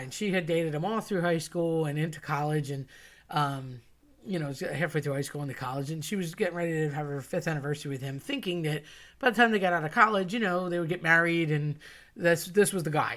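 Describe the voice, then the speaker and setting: Woman, casual storyteller, chatty and animated. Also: deep voice. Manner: chatty, animated, acts out quoted voices.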